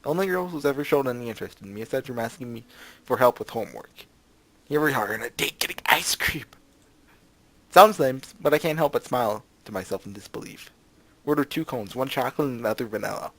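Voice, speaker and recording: A man's voice: medium pitch, animated, fast, no room sound. A man hosting a let's play, reading a visual novel aloud and breaking off for sarcastic, jokey asides. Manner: sarcastic, jokey asides between read lines.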